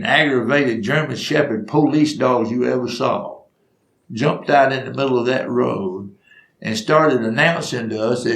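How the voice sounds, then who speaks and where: In a roomy-sounding recording, an older man with a creaky, medium-pitched voice tells funny stories from his own life. He's a folksy storyteller who acts out the voices and laughs at his own stories.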